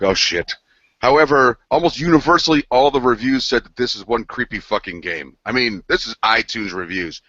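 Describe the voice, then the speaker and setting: A man's voice: lowish voice, pushed and bright, dry recording. A man on a gaming news show, telling a rambling, profane story between laughs. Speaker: podcast co-host. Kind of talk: casual chat. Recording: dull lo-fi sound.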